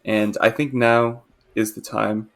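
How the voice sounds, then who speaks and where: A man, co-hosting a podcast and excitedly presenting a music artist in casual chat. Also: lowish voice, slow pace, gravelly. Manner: enthusiastic, rambling with restarts.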